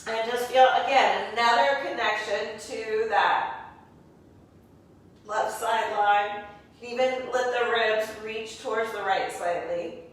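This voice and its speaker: A woman teaching a guided yoga class, calmly cueing each move step by step with spiritual encouragement. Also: a little high, a little slow. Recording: very echoey room, voice from a distance.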